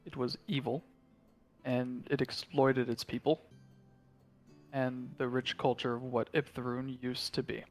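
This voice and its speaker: A man's voice: medium pitch, little pitch movement, measured pace, long pauses, faint music behind, lightly acted. A man playing an earnest young male warlock who speaks solemnly for his people.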